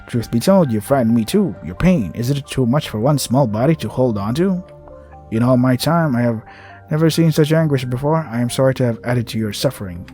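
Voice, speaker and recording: A weary, tender old creature with many spindly limbs speaks softly and soothingly, as a man voices it. The tone stays mellow and warm. Faint music plays behind it. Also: medium pitch, lively intonation, natural voice. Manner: slow, soft and soothing. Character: ancient gentle spider-like creature, tender and weary.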